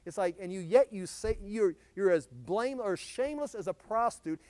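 A pastor preaching an expository sermon, animated and emphatic, his voice swelling when he stresses a point. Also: sits high, moderate pace, hardly any pauses, no echo.

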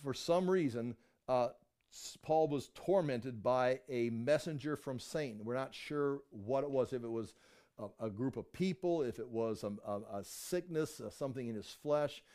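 An older man teaching a Bible study in a loose, rambling, conversational way, acting out the biblical voices with sudden jumps in pitch. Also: moderate pace, mellow.

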